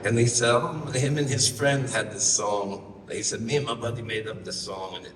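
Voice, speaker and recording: A man's voice: mid-range voice, fairly even intonation, moderate pace, background noise. Man rambling through a wry onstage story. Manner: rambling, wry, profane, with loose asides and quoted voices. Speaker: singer-songwriter telling a story on stage. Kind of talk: live storytelling between songs. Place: live concert venue. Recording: roomy live hall, from far off, guitar behind.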